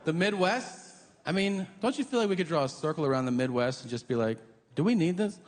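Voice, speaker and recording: A middle-aged man performing a stand-up comedy set, animated and acting out characters in silly voices. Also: fairly high pitch, quick pace. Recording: long hall reverb with audience noise.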